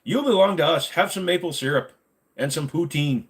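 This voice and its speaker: A man's voice: on the high side, normal speed, pitched above the performer's own voice, natural voice. A man putting on a jokey, exaggerated voice as an overeager, welcoming Canadian man with a put-on Canadian accent. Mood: mock welcoming.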